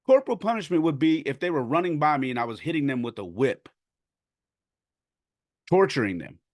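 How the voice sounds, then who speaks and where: A man's voice: fairly high pitch, fairly quick, no echo, clean studio sound. A man hosting a podcast, venting in a casual, indignant storytelling style and acting out what others said. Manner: indignant, animated, acts out quotes. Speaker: podcast host.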